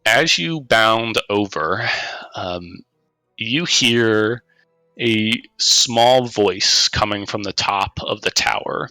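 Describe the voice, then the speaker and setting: A man running a tabletop game as game master, narrating at an unhurried pace with frequent hesitations. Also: fairly low pitch, bright, forceful tone, no room sound, soft background music, rough recording.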